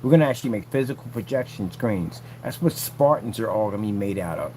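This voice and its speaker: Fairly low in pitch, expressive and quick, his voice warm with a little hiss or hum, the man vlogs from a work site. He's selling projection screen paint and taunts a rival, boasting and going over the same points again and again.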